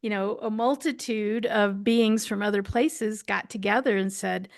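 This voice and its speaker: A woman's voice: mid-range voice, steady tone, a little slow. A woman who hosts the show and works as a hypnotherapy practitioner, chatting loosely with fillers. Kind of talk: casual group talk.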